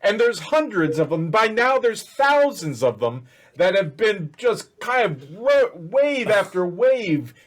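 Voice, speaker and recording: Game master, male, high-pitched, rambling storyteller with lots of restarts. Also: sing-song, slow. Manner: rambling, self-correcting narration. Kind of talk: narrating a tabletop game.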